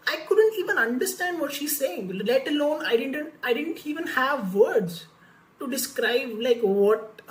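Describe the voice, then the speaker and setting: A woman's voice: sits high, echoey room, poor audio. A woman vlogger telling a candid personal story about learning French, talking casually with many fillers and restarts.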